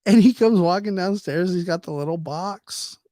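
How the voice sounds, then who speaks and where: A man telling a casual anecdote, animated and chuckling as he acts out the people in it. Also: high voice, moderate pace, no room sound, clean studio sound. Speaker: storyteller.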